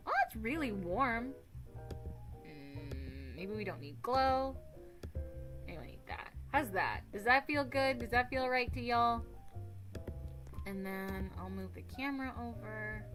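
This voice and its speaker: A woman streamer chatting casually with her viewers, rambling, giggly and crude, often mocking herself. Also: fairly high pitch. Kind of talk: casual livestream chat. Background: faint music.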